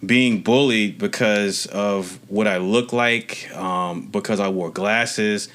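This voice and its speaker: A man's voice: lowish voice, slow pace, a bit bright. A young man from Maryland, a podcast co-host, telling a personal story in casual chat, earnest and rambling with many restarts and casual swearing. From Maryland, USA.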